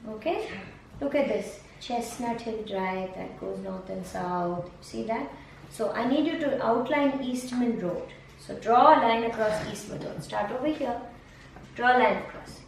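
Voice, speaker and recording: A woman's voice: on the high side, measured pace, gravelly. A woman teacher guiding a student through a map lesson one on one, patient and coaxing, repeating prompts and praise. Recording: echoey room from far off, faint noise.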